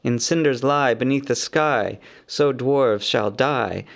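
Goblins chanting a nasty sing-song rhyme, man reading it, gravelly. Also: mid-range voice, takes it slowly. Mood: gleeful. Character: chanting male goblin horde, gleeful and cruel. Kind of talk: audiobook character voice.

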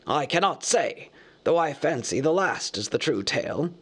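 A man reading a storybook aloud, voicing Gandalf, an old male wizard who lectures in a measured, easily cross way. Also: on the high side, sing-song, fairly bright tone, slightly rough, pitched above the performer's own voice, heavily acted. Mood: lecturing.

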